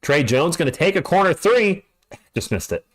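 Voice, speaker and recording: A man's voice: a little high, big pitch swings, normal speed. A middle-aged man doing live play-by-play commentary for a stream, chatty and jokey between calls.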